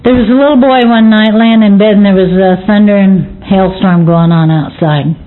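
A woman's voice: mid-range voice, normal speed, slight background noise. A woman giving an earnest personal testimony at a recovery meeting, plain-spoken and repeating key words for emphasis. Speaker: speaker sharing at a recovery meeting. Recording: tinny phone-like recording.

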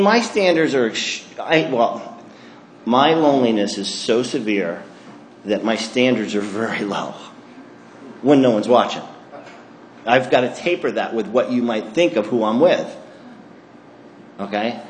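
A man's voice: mid-range voice, reverberant, slight background noise. A man telling a self-mocking story about his drinking to an audience, acting out his own thoughts. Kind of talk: comic storytelling talk to an audience.

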